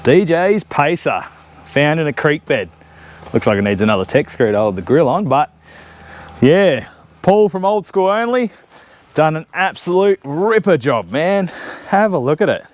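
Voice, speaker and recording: A man's voice: a little high, big pitch swings, normal speed. Chatty, teasing Australian man. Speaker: channel host. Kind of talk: casual chat while working on a car. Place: home shed workshop.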